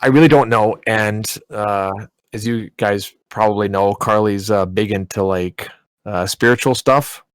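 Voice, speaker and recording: A man's voice: lowish voice, a little slow, smooth, no room sound. A man, casually telling a long story on a podcast, rambling with lots of "like" and "you know.". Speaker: podcast co-host.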